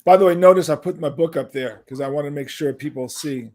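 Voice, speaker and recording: An older man recounts stories with lively energy, slipping into the voices of people he quotes. His pitch sits a little high for a man. He stumbles and restarts often, carried along by his own excitement. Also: fast talker. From United States. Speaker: guest musician. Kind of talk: animated storytelling.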